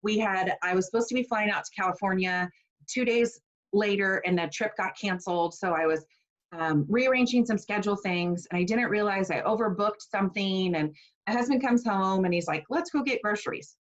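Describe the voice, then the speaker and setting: A woman's voice: medium pitch, moderate pace, dull audio. A woman in her forties teaching a casual online class, chatty and personal with plenty of fillers. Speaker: essential oils class teacher.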